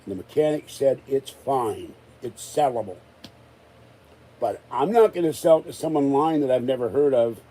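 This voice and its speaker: A man's voice: medium pitch, normal speed, dark tone, poor audio. A man ranting in a rambling, exasperated way during a casual live-stream chat, still recovering from an illness. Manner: exasperated, rambling rant with many restarts. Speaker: vlogger.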